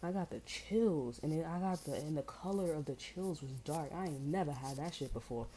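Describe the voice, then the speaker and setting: A woman's voice: low-pitched, moderate pace, dark tone, a little hiss or hum, rough recording. A woman tarot reader in slangy, rambling casual chat, amused and full of fillers. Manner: amused, breaks into laughter.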